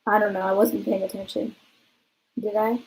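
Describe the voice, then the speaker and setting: Husky young woman, rambling storytime. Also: medium pitch, level tone, normal speed, darkish tone, low-quality recording. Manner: rambling, profane, lots of 'like'. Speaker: vlogger. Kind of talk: casual storytime vlog.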